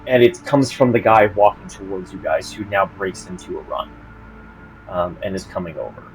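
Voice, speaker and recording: A man's voice: sits low, moderate pace, soft background music, poor audio. A man narrating as game master of a tabletop game, hesitant, with lots of ums and restarts.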